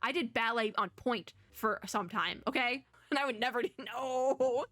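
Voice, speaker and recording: A young woman doing let's play commentary, chatty and animated, reading game dialogue aloud. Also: a little high, moderate pace, no echo. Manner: chatty, animated, reads lines in voices, laughs often. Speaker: gaming YouTuber.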